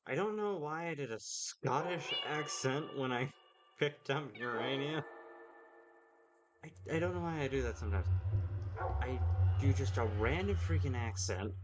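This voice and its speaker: A man's voice: a little high, lively intonation, unhurried, pauses often. A man giving casual, rambling commentary to his viewers while he plays a game. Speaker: gaming video creator. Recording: loud background noise.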